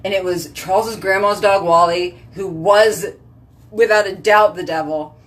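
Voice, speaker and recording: Thirties woman, casual vlogger, teasing and rambly, slightly low pitch. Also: moderate pace, a bit bright. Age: 30s. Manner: sassy, joking, rambling. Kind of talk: casual chatty vlog.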